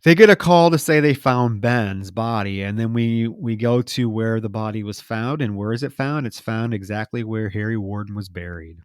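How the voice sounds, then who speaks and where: A man's voice: lowish voice, moderate pace, few pauses, smooth, no echo, clean studio sound. A man co-hosting a podcast, casually retelling a movie scene by scene and acting out the characters' lines as he goes. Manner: animated retelling, quoting characters. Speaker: podcast co-host. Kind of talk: casual film recap chat.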